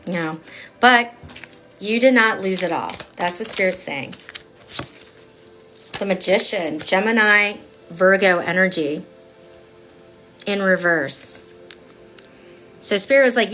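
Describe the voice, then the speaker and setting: A woman's voice: medium pitch, takes it slowly, pauses often, a bit bright, faint music behind. A woman giving a live-stream tarot reading in a chatty, emphatic, rambling way with many fillers. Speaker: tarot reader.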